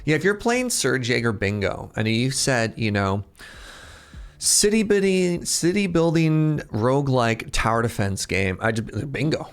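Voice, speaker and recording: Lively man in his thirties streaming. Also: medium pitch, unhurried, clear, resonant tone. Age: 30s. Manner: animated, laughs often, chats with viewers. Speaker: game streamer. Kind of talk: casual live-stream commentary.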